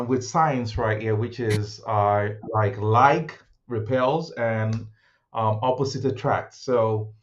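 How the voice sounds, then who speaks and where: Guy on a podcast, talks real slow, stops and starts while he thinks, kinda muffled audio. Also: medium pitch. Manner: halting, thinks aloud. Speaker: podcast co-host. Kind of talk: casual chat.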